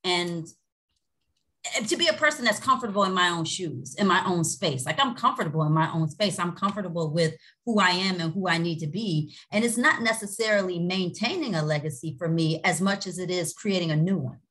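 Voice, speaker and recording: A woman speaking candidly on a panel about her own experience. She talks steadily and uses frequent fillers. Her voice sits lower than most women's. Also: fairly quick, fairly bright tone. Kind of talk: personal reflection.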